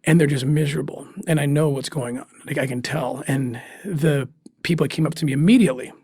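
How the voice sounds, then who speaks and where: A man's voice: fairly high pitch, a little mellow, husky, no room sound, studio quality. Earnest man telling an emotional story. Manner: earnest and emotional, with restarts and pauses. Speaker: guest, former special agent. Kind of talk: personal story told in an interview.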